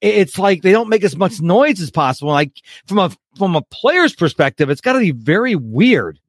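A male podcast host makes his points emphatically. His voice is a little high. The sound is dry and close, with no room echo. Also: sing-song, normal speed. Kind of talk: casual interview.

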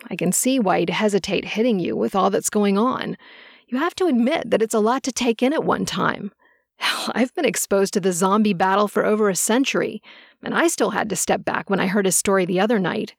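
A motherly, centuries-old seer woman, calm and soothing, as a female narrator plays her. Her voice carries a gravelly texture in a dry, close recording. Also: mid-range voice, a little fast, no room sound.

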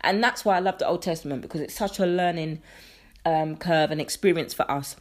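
A woman's voice: deep voice, fairly quick. A woman hosting a solo faith podcast, talking in an earnest, conversational way that turns preacherly. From England. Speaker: podcast host. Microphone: podcast microphone.

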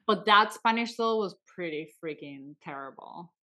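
A woman in her thirties from Venezuela, a guest dancer telling stories in casual chat, acting out quoted lines with big jumps in pitch. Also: normal speed. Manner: animated, acts out quotes with sharp jumps in pitch.

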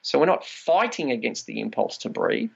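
A man's voice: mid-range voice, big pitch swings, normal speed, creaky, slightly rough, dull audio. A man, a trauma release practitioner, explaining body practices in a conversational podcast interview and acting out quoted inner voices.

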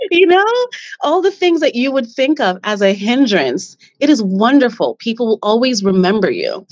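A woman from Jamaica, a podcast guest talking with confidence and an animated lift, laughing often. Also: mid-range voice, no echo, highs cut off. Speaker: guest, business founder. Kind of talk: podcast interview.

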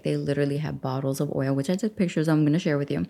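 A woman's voice: deep voice, expressive, fast, gravelly, few pauses, warm tone. A woman hosting a self-help podcast, talking casually into a studio microphone, chatty and affirming, guiding listeners through journaling. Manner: chatty, affirming, acts out her own thoughts. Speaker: podcast host and life coach. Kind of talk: casual guided journaling talk.

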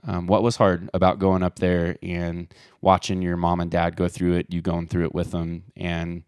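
A man's voice: sits low, completely flat delivery, moderate pace, darkish tone, smooth, no room sound, studio quality. A man hosting a casual chat, asking follow-up questions. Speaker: host.

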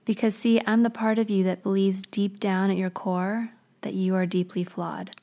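Shame is a slumped, weary male figure who speaks softly and with resignation, as a woman storyteller puts him on. His voice stays low in volume and mellow, and the delivery is subdued. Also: little pitch movement, normal speed, lightly acted. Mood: resigned.

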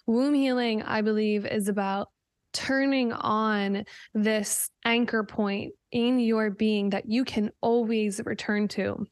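A woman's voice: mid-range voice, steady tone, slow pace, dry recording, studio quality. A woman hosting a podcast, talking earnestly about spiritual growth and sometimes swearing casually. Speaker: podcast host. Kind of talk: casual conversation.

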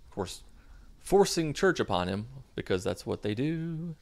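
A man's voice: medium pitch, very animated, a little slow. A young man casually recapping a movie in a sarcastic, mocking way. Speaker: movie reviewer.

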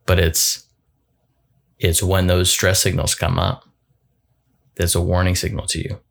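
Deep-voiced guy coaching in a solo talk, thoughtful, stumbles and restarts a lot. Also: completely flat delivery, vocal fry. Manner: thoughtful, halting, repeats words, light laughs.

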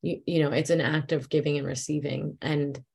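Low-voiced woman musing as a podcast guest. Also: fairly even intonation, moderate pace, vocal fry, darkish tone, husky. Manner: reflective, searching, repeats words as she thinks. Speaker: guest, intimacy coach. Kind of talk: casual conversational interview.

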